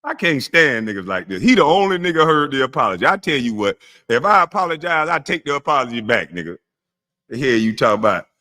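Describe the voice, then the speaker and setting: A man's voice: mid-range voice, sing-song, fast, bright, forceful tone. A man streaming a blunt, mocking rant, full of profanity, talking straight to his chat. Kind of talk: ranting monologue on a live stream.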